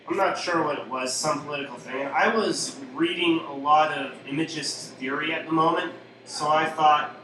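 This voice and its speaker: A man's voice: a little high, noisy background. A man, a poet, casually and hesitantly introducing his next poem at a live reading night in a small cafe. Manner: rambling, offhand, hesitant with fillers. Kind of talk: casual intro between poems. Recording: echoey live room from far off, crowd.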